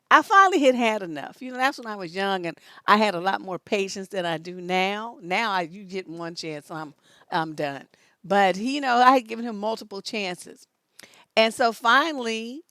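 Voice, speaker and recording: A woman relationship coach hosting a casual live stream, telling stories in an animated way and laughing often. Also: mid-range voice, dry recording, clean studio sound. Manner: animated storytelling, laughs often, rises to loud peaks.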